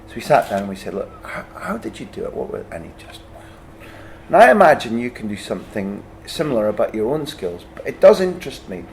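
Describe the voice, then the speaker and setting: A man's voice: medium pitch, big pitch swings, fairly quick, slight background noise. A man hosting a podcast interview, asking long, searching questions scattered with fillers. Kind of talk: casual conversation.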